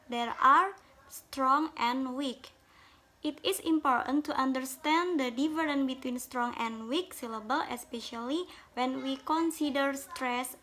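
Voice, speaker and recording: Slow, bright-voiced woman presenting phonology. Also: high-pitched, slight background noise. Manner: slow, careful, reads from notes, non-native English grammar.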